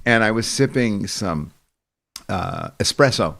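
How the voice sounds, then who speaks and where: A man's voice: lowish voice, animated, unhurried, gravelly, fairly bright tone. A man hosting a show, telling rambling stories in casual chat and laughing often. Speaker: show host.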